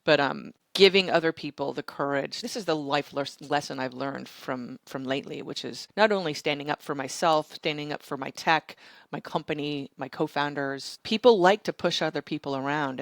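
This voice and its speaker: A middle-aged woman founder telling stories in an interview, animated and blunt, swearing and acting out other people's lines. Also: deep voice, creaky, no echo. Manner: animated, profane, quotes others in raised voice. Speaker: startup founder and CEO, guest. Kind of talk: candid interview storytelling.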